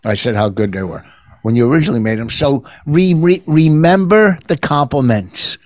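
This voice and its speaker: An older male comedian in a casual bickering chat, defensive and quick to argue with his co-host. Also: medium pitch, dry recording.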